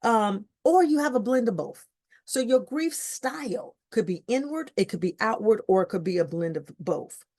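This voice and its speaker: A woman's voice: medium pitch, animated, normal speed, a little mellow. A woman in her fifties hosting a faith-based podcast, speaking expressively and repeating phrases with sudden exclamations. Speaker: podcast host. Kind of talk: faith-based grief talk.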